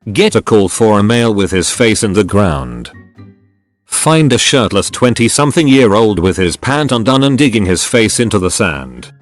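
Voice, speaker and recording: A man reading online stories aloud in an animated storytelling delivery. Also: on the low side, normal speed, soft background music. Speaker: narrator reading forum stories.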